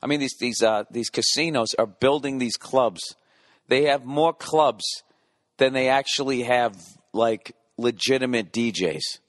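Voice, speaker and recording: A man's voice: mid-range voice, measured pace, dry recording, studio quality. A man in his forties doing a rambling, profane comedic monologue, often interrupting and correcting himself. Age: 40s.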